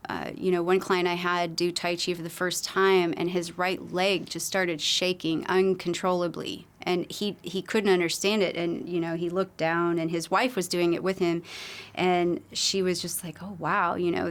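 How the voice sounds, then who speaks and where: A woman's voice: fairly low pitch, clear, resonant tone. A woman wellness coach telling client stories on a podcast, earnest and rambling with many fillers. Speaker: holistic wellness coach, guest. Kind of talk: casual podcast conversation.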